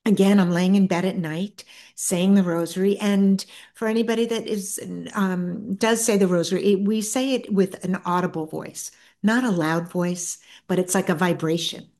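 A middle-aged woman, an author and guest, tells a personal story in a soft, earnest way, often stopping and restarting her sentences. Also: mid-range voice, fairly even intonation. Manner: soft-spoken, earnest, halting with many restarts.

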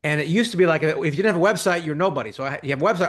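Animated man guest on an interview. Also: on the high side. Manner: animated, quick bursts, acts out quoted reactions. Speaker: interview guest, ghostwriting business owner. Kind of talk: conversational interview.

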